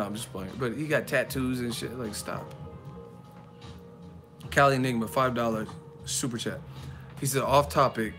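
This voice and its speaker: A man hosting a boxing live stream, riffing in a mocking, foul-mouthed rant. His voice sits at an ordinary middle pitch, and clear music plays behind him. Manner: mocking and profane, fast riffing.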